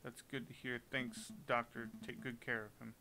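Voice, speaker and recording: A man voicing an earnest, anxious young bird lawyer in a game, bright toned. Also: mid-range voice, little pitch movement, normal speed, gravelly, a little hiss or hum, rough recording. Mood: worried.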